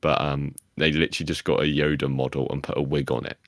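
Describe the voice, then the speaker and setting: A man's voice: extremely low pitch, flat delivery, quick pace, fairly bright tone, no echo, clean studio sound. A young man co-hosting a podcast, chatting casually with a wry, teasing tone. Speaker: podcast co-host. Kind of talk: casual chat.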